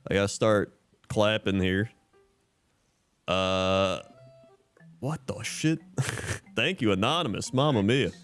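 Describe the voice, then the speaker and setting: A man's voice: on the low side, animated, slow, long pauses, fairly bright tone, clear, resonant tone, soft background music. A man streaming live in casual chat, reading out usernames and laughing often.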